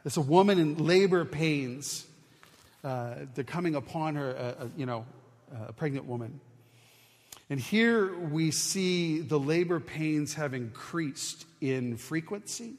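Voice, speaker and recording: A man delivers a sermon in an earnest, conversational teaching style, often restarting his phrases. His voice sits a little higher than usual for a man. Long reverb trails behind his words, as if he is speaking in a large hall. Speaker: pastor.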